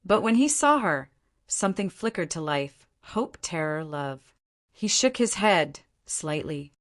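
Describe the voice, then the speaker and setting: Low-voiced woman narrating a dramatic story. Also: big pitch swings, a little slow. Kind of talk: scripted narration.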